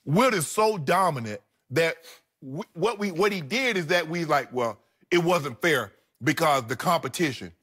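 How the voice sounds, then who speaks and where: A middle-aged man co-hosting a sports debate show, arguing emphatically and repeating points slowly for effect. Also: a little high, expressive, fairly bright tone, husky.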